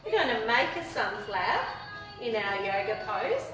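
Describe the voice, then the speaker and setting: A woman's voice: on the high side, very animated, moderate pace, fairly bright tone. A woman from Australia leading a children's yoga class, playful and encouraging, joining in with animal noises. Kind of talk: guided kids' yoga class. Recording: echoey room, distant mic, music behind.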